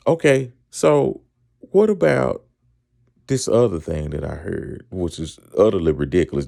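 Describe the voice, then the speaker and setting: A man's voice: mid-range voice, gravelly, darkish tone, no room sound, studio quality. A middle-aged man, co-hosting a casual sports talk show, asking rhetorical questions and repeating himself. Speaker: podcast co-host.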